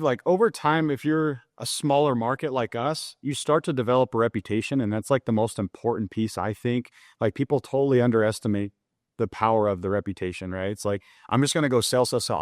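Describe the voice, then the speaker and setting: A young man who works as a mortgage loan officer guests on a podcast, speaking loosely and candidly with lots of filler words in a casual conversational interview. His pitch is medium, and the recording is dry and studio quality.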